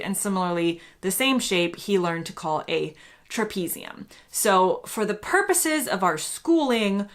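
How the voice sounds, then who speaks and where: A woman's voice: mid-range voice, fairly bright tone. An American woman from the United States, a YouTuber explaining to camera in a chatty, self-deprecating way.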